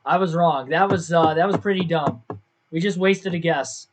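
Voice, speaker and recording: A man's voice: a little high, normal speed, background noise. A young man casually commentating his own livestream, thinking aloud and second-guessing himself as he talks to his viewers. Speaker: gaming livestreamer.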